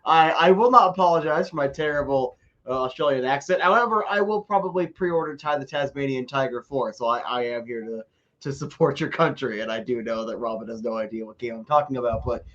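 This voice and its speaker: A man's voice: medium pitch, brisk, fairly bright tone, highs cut off. A man co-hosting a casual sports podcast, joking and rambling and often repeating words as he talks. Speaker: podcast co-host.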